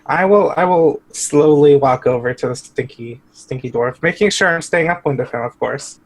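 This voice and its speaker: Male player, husky, a little high, dry and deliberate. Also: poor audio. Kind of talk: tabletop role-play chat.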